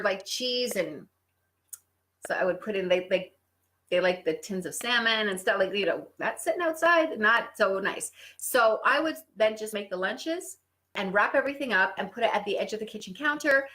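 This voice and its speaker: A woman's voice: mid-range voice, sharp tone. A middle-aged woman hosting a casual relationship advice talk, telling stories with sarcastic asides. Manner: conversational storytelling, sarcastic asides. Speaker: host.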